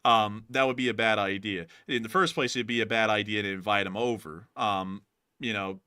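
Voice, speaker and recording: A man's voice: lowish voice, steady tone, moderate pace, sharp tone, smooth, no echo, clean studio sound. A man hosting a live stream, answering viewer questions in a rambling way with lots of fillers. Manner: rambling, filler-heavy, folksy sign-offs. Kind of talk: casual live-stream commentary.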